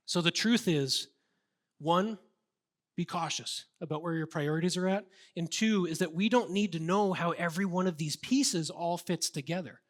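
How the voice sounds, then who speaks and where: A man's voice: a little high, moderate pace. A man preaching a sermon as a pastor, earnest and conversational, with casual fillers.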